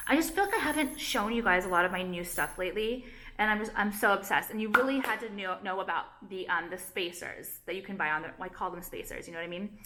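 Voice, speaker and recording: Bright-voiced rambling young woman vlogger. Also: mid-range voice, quick pace, a little hiss or hum. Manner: rambling, self-interrupting, heavy use of "like", anxious. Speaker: vlogger and jewelry designer. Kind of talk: casual rambling chat to camera.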